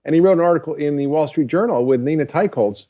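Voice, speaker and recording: A man's voice: fairly high pitch, quick pace, lo-fi sound. A man who is a physician, a guest on a podcast, earnestly explaining science and telling anecdotes. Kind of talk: casual interview chat.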